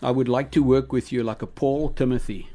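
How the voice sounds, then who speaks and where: Male guest minister from South Africa, rambling storyteller with repetitions, mid-pitched voice. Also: fairly even intonation, a little fast, dark tone. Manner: rambling, repeats words, frequent "okay?". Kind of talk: radio interview, storytelling.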